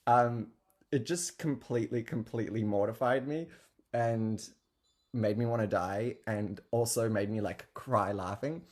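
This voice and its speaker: A man's voice: fairly low pitch, measured pace, a little mellow. A man telling a story in a casual, chatty way, with lots of fillers and laughing asides. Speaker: guest telling an anecdote.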